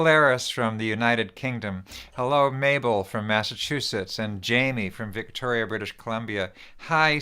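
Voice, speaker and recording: A man's voice: mid-range voice, pushed and bright, clean tone. A man hosting an online song gathering, greeting viewers one by one in a friendly, rambling way over a video call. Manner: friendly, rambling, with many restarts and fillers. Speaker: host. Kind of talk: welcoming online viewers by name.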